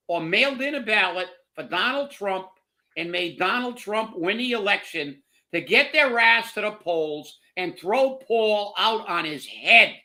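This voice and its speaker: Fired-up, bright-voiced ranting man. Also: high-pitched. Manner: heated, profane, repeats words when worked up. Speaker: co-host of political commentary show. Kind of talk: angry political rant.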